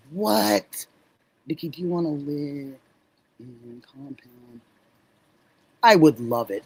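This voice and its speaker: A middle-aged woman hosting a livestream, chatting warmly with viewers, effusive and laughing often. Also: deep voice, husky, dry recording, poor audio. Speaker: livestream host. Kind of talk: casual chat with live viewers.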